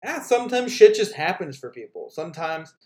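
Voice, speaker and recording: A man's voice: fairly high pitch, very animated, brisk, darkish tone. A man co-hosting a casual comedy podcast, ranting with lots of swearing and frequent laughs. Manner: profane, ranting, laughs often. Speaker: podcast co-host.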